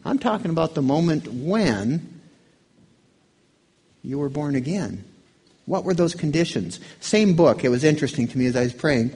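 A man's voice: fairly high pitch, expressive, moderate pace, long pauses, darkish tone, slightly rough. A man preaching a sermon in a conversational way, asking his listeners questions. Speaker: pastor.

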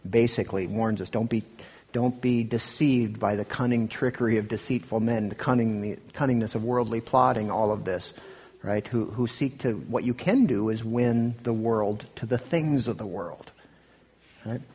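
A man's voice: lowish voice, moderate pace, darkish tone, breathy edge, in a large hall. A man pastor giving a conversational sermon, often restarting and asking "right?". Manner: conversational, self-interrupting, rhetorical "right?". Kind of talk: sermon with commentary on clips.

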